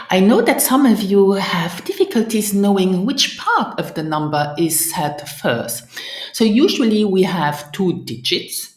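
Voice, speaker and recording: A woman's voice: on the low side, a little mellow, reverberant. A woman, teaching a language lesson and coaching the listener through pronunciation and repetition. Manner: patient, coaching, models pronunciation and invites repetition.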